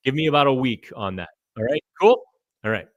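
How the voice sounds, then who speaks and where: A man's voice: mid-range voice, big pitch swings, brisk, no room sound, dull audio. Chatty male hockey host, dry sound. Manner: conversational, thinking out loud, stumbles on names. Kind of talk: live chat reading viewer comments.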